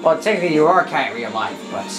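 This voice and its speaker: A woman's voice: low voice, big pitch swings, rapid-fire, roomy sound. A woman giving chatty let's-play commentary, often stumbling over her words as she reads game lines aloud. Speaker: gameplay commentator. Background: game music.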